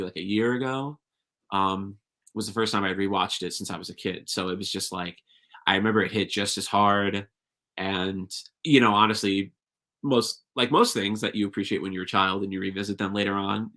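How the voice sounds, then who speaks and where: A young man guesting on a podcast, talking loosely and looping back over his words with lots of "um"s and "like"s. His voice sits low but sounds bright and forceful, and he chats in a relaxed, unscripted way. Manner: rambling, with many fillers and restarts. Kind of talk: casual chat.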